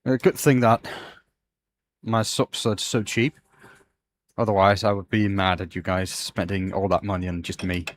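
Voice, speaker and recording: A man's voice: sits low, flat delivery, moderate pace, long pauses, a little hiss or hum. Sighing, heartfelt man hosting a workshop stream. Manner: effusively grateful, sighing often. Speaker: woodturning livestream host. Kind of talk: casual live workshop chat. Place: home workshop.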